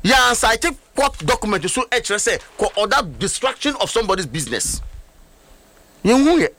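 A man's voice: very high voice, very animated, brisk, pushed and bright. A man with a Ghanaian accent arguing animatedly in a political talk show debate, emphatic and mixing in Twi phrases. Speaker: political commentator.

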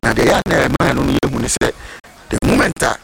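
A man's voice: mid-range voice, animated, fast talker, gravelly. A man speaking as a medical expert on a health program, explaining symptoms step by step and mixing in English medical terms. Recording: loud background noise.

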